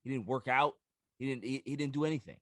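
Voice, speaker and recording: Animated, emphatic man hosting sports talk. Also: mid-range voice, fast talker, no echo, studio quality. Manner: animated, emphatic, repeats words when excited. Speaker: podcast host.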